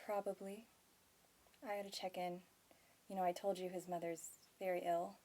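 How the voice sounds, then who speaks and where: A woman's voice: lowish voice, flat delivery, normal speed, dark tone, lightly acted. An actress playing an earnest, guilt-ridden married mother who speaks hesitantly, in a stage scene. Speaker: actor in a scene.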